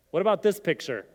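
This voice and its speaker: A middle-aged man giving an interactive sermon, talking casually and asking the audience questions. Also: on the high side. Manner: conversational, asks the audience questions. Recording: long hall reverb.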